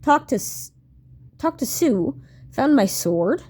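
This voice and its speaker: A woman's voice: sits high, very animated, slow pace, darkish tone, breathy edge. A woman in her late twenties reading her old diary aloud and commenting on it in a wry, self-mocking way, swearing and laughing often.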